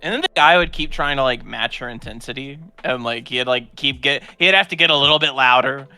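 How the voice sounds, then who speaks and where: A man's voice: mid-range voice, fairly quick, sharp tone, clean tone, faint music behind. A young man co-hosting a stream, chiming in with blunt, jokey remarks in casual chat. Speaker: streamer co-host.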